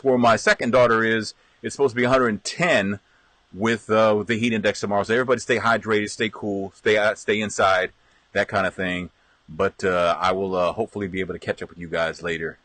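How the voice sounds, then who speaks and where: The voice here is a middle-aged man's, fairly low in pitch, with no room sound, as he hosts a live stream. He reminisces in a loose, rambling, lively way, breaking into laughter and restarting frequently.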